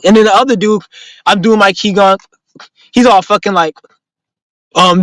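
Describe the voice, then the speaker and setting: A man with a somewhat high voice rambles through a casual live-stream chat, heavy on profane street slang. He tells his stories with animation, and his voice is recorded close and dry, with no room sound. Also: normal speed, pauses often, no echo, poor audio. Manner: animated storytelling. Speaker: live stream host answering viewer questions.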